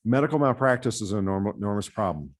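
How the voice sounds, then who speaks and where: A man's voice: fairly low pitch, animated, quick pace. A man from the US Midwest giving prepared testimony to a committee as a patient safety advocate, earnest and often repeating words as he goes. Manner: earnest, with frequent word repeats.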